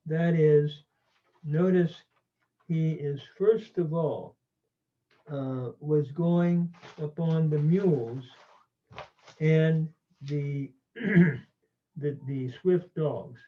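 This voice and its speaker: Slow, deliberate man teaching grammar. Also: on the high side. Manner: slow, deliberate, with many fillers and pauses. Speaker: Greek teacher. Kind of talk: grammar lecture. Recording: tinny phone-like audio.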